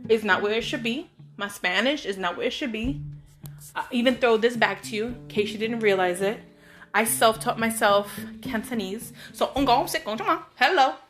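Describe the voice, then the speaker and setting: A woman with a bright, high voice tells personal stories as host of her own show, chatty and animated. She breaks off for playful asides to her listeners, while soft guitar music plays faintly behind her. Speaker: podcast host. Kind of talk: casual storytelling monologue.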